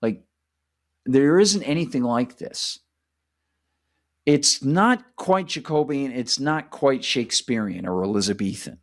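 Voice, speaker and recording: Enthusiastic man with a lively voice. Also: medium pitch, a little slow. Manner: enthusiastic, rambling with restarts. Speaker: channel host, former writing fellow. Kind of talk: casual book talk.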